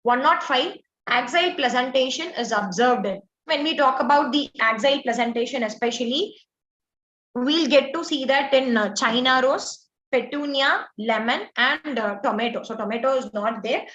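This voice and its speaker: A woman teacher goes through exam answers step by step, explaining as she goes and often filling gaps with "like" and "uh." Her voice is high and fairly bright, at a normal speed, with slight background noise in an echoey, dull lo-fi recording.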